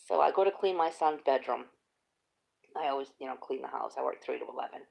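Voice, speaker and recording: A middle-aged woman chats casually, telling lively stories and laughing often. Her voice sits low with a gravelly, fry-heavy texture. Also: quick pace, lo-fi sound. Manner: animated storytelling, laughs often. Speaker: host. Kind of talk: casual chat.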